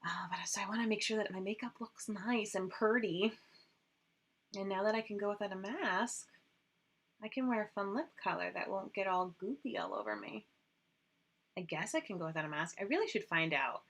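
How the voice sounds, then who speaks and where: Chatty rambling woman, casual livestream host, bright crisp tone. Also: mid-range voice, moderate pace. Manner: chatty, rambling, lots of fillers. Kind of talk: casual livestream makeup chat.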